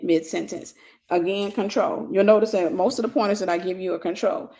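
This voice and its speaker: A woman's voice: mid-range voice, darkish tone. A woman gives an informal spoken teaching as a ministry host, repeating key phrases for emphasis. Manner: conversational, with casual fillers.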